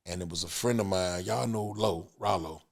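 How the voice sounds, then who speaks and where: A middle-aged man, a music business veteran, telling stories as a podcast guest in a lively, laughing, casual way. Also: low voice, moderate pace, creaky. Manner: lively, laughing storyteller with many fillers. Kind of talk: animated storytelling in casual chat.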